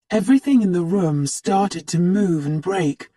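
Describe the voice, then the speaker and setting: A narrator reading a spooky story aloud slowly for English learners, acting out the characters' lines. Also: medium pitch, husky, no room sound, studio quality. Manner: animated read-aloud, acts out the characters' lines.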